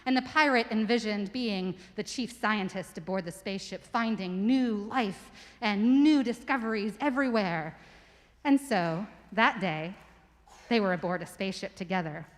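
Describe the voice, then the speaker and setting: A woman in a church telling a children's story to the congregation, lively and stopping to ask listeners questions. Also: mid-range voice, moderate pace, big-room sound. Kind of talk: story for all ages told aloud to a congregation. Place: church sanctuary.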